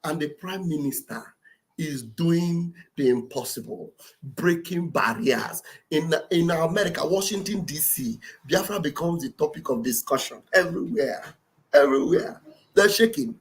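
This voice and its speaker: A woman with a Nigerian Igbo accent giving fiery, rhetorical political commentary on a livestream, often rising to shouts. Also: sits low, expressive, normal speed. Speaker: livestream host.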